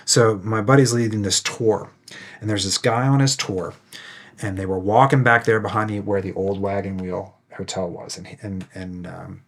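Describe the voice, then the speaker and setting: A man's voice: lowish voice, steady tone, moderate pace. A man who guides ghost tours, telling a story in a casual chat, loose and rambling, full of fillers. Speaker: ghost tour guide and ghost hunter, guest.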